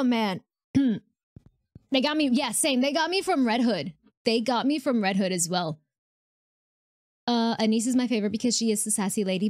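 Teary, hoarse young woman streamer. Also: mid-range voice, no room sound, clean studio sound. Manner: emotional, chatty, talking to chat with frequent fillers. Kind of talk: casual live-stream reaction chat.

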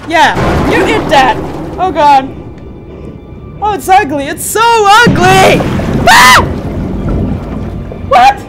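Young woman, gaming host, very high voice, slow drawn-out speech, screaming and swearing, game noise behind. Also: lively intonation, over loud music. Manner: screaming, swearing, nervous laughter. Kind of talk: let's play commentary.

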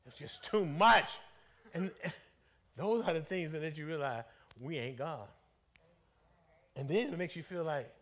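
A man leading a Bible study as bishop, preaching in an animated, folksy way and calling out to the congregation. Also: fairly high pitch, unhurried, pauses often. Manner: animated, conversational, calls out to the congregation; colloquial, folksy phrasing.

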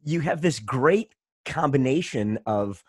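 Male podcast host from Detroit, husky, lively delivery, dry sound. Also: mid-range voice, takes it slowly, no echo. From Detroit, USA. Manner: animated storyteller, friendly. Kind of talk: casual interview conversation.

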